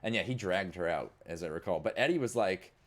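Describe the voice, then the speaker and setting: Young guy gm'ing a tabletop game, lowish voice, rambly, lots of "like". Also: animated, fairly quick. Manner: rambling, many fillers like "like" and "you know". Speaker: game master.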